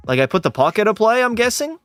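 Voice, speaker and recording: A man's voice: high-pitched, fast, no echo. A young man from Canada streaming a hockey game, calling plays like a sportscaster and bantering casually with chat, swearing now and then. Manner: excitable, mock sportscaster calls mixed with casual swearing. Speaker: gaming streamer. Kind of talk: live play-by-play commentary and chat banter.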